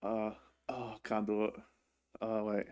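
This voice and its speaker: A man from Adelaide with an Australian accent, co-hosting a casual podcast in a relaxed, chatty way. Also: fairly low pitch, unhurried, clear, resonant tone. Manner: relaxed, chatty, says yeah a lot. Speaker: podcast co-host.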